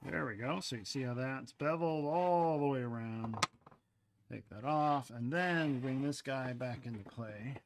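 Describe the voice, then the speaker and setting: A man's voice: mid-range voice, moderate pace, background noise. Man demonstrating pottery in a casual murmur. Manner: casual, talks while working, often murmurs and trails off. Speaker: ceramics artist demonstrating. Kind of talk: live-stream pottery demonstration. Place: pottery studio.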